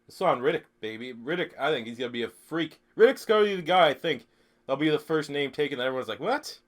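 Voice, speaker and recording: A young Canadian man who is sick, streaming a football video game live, clearing his throat, swearing and rambling through chat questions. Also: a little high, expressive, quick pace. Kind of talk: live-stream gaming commentary.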